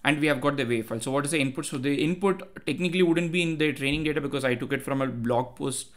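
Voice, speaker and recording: A man walks viewers through code in a loose, explanatory way, padding his sentences with fillers. His pitch sits in the middle range, neither high nor low. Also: fast, a bit bright. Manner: talks to himself while looking things up. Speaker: tech tutorial host. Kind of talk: casual screen-share coding walkthrough.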